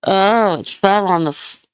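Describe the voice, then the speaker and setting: A woman's voice: mid-range voice, no echo. A woman hosting a live craft tutorial, chatting with viewers as she works, rambling and hunting for words. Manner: chatty, rambling, hunts for words, laughs often. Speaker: crafting channel host.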